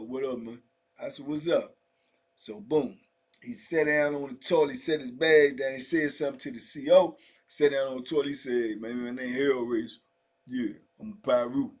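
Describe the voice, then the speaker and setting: A middle-aged man casually telling first-person prison stories, loose and slangy, full of conversational asides. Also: mid-range voice. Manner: loose, slangy, full of "you know what I'm saying" asides. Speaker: storyteller recounting prison life.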